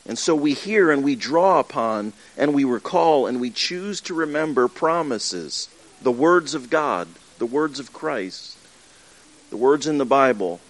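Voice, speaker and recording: Man, pastor, sermon, earnest conversational tone, restarts and acted asides, mid pitch. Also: expressive, measured pace. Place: church with livestream.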